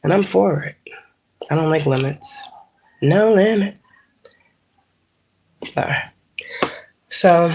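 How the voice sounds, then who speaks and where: A woman's voice: lowish voice, slow, gravelly, long pauses, a little mellow, slight background noise. A woman in her thirties chatting casually on a livestream, rambling and profane, laughing often, congested from allergies. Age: 30s. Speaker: spiritual livestreamer. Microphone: phone.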